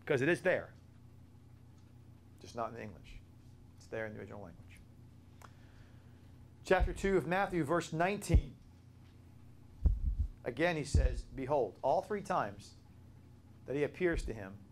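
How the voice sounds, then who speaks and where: An earnest man leading a Bible study lesson in a voice of ordinary pitch. He works through his points patiently, repeating and spelling words out for his listeners, with a faint hiss under the recording. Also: big pitch swings, a little slow, pauses often. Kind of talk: teaching a Bible study to remote viewers.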